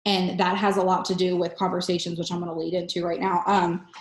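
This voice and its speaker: Emphatic woman coaching in a roomy kitchen. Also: on the low side. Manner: energetic, emphatic, fast-talking. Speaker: network marketing coach. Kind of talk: motivational solo talk. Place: home kitchen.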